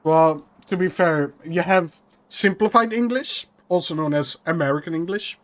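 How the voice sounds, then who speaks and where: A man's voice: on the high side, normal speed, fairly bright tone. A man chatting on a stream, hesitant and full of fillers, laughing often. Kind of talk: casual chat on stream.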